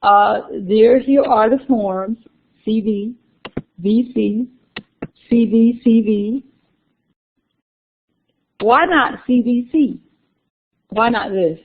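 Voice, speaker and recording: Slow, gravelly woman lecturing a class. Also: on the high side. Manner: unhurried, repeats key terms, chatty asides to students. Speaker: university lecturer. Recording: tinny lo-fi lecture recording.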